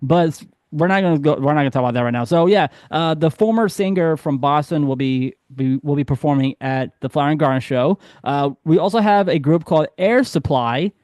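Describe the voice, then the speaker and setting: A man's voice: on the high side, brisk, few pauses, darkish tone, smooth, no room sound, studio quality. Rambling, laughing male podcast host. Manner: rambling, self-correcting, laughs easily. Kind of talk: casual chat.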